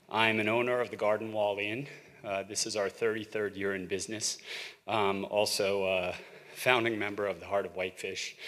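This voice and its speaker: A middle-aged man from Montana, out of breath, giving an earnest, halting public comment at a council meeting with frequent ums. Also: on the low side, sharp tone, big-room sound. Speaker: public commenter, local business owner. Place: council chamber.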